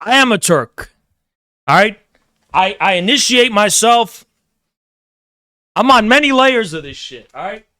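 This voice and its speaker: A man's voice: high-pitched, animated, a little slow, pauses often, sharp tone, no echo, clean studio sound. A man delivering a provocative, emphatic ranting monologue, repeating phrases for effect. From United States. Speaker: political commentator.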